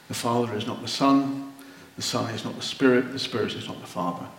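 A man preaching a sermon, slow and earnest, rising to wondering exclamations. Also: mid-range voice. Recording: roomy echo.

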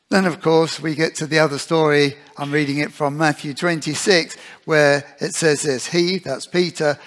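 A man's voice: a little high, a bit bright. A man preaching a sermon in an earnest way, often putting rhetorical questions to his listeners.

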